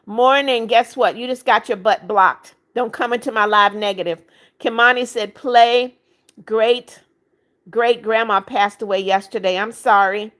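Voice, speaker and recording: A woman with a slightly high voice runs a casual livestream. She reads out viewer comments one after another in a brisk, chatty way. She greets newcomers twice over and keeps asking for likes and subscriptions. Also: steady tone, a bit bright. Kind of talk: casual live chat.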